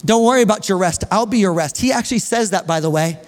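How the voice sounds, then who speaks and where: A man preaching a sermon as pastor, animated and reading scripture aloud to his congregation. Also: sits high, quick pace, big-room sound. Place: church hall.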